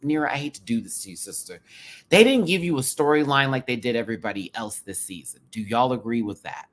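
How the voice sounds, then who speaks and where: A man with a sassy, animated way of talking, commenting casually to camera on a reality show. He uses drag slang and jumps from loud bursts to hushed asides. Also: mid-range voice, quick pace. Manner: drag slang, calls viewers sister and baby. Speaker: drag race show reviewer, channel host.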